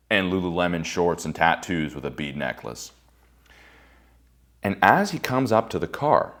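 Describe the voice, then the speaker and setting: A man giving a motivational talk to a group, intense and profane, dropping to a hushed whisper for emphasis. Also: deep voice. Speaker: motivational speaker.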